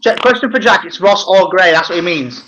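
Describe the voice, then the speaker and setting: A man's voice: sits high, a little fast, bright, forceful tone, dull audio. An English man co-hosting a live fan stream, laid-back and chuckling between lines. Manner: laid-back, chuckling, eating while talking. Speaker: fan channel co-host. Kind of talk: casual live-stream banter.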